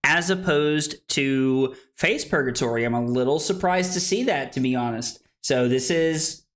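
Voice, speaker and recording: A man commentating a card game tournament on a livestream, casual and full of fillers, rowdy and quick to swear when joking around. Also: medium pitch, a bit bright. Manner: casual, filler-heavy play-by-play. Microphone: streaming microphone.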